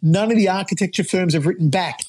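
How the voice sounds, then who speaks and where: High-voiced Australian man telling stories. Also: fast talker, breathy edge. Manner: animated storyteller, laughs often. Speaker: guest, fight commentator. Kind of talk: podcast interview storytelling.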